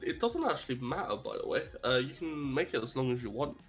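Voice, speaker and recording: A giggly young man whose pitch swings widely. He is silly and blurts out random lines, and faint music hums underneath. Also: big pitch swings, fast talker, a bit bright. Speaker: co-host. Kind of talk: casual stream banter.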